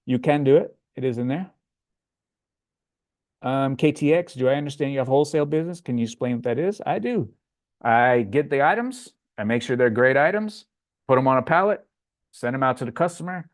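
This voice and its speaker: A Floridian man with a medium-pitched voice hosts a casual livestream Q&A, answering questions from chat. He's relaxed and chatty, often pausing on an "um" before he responds.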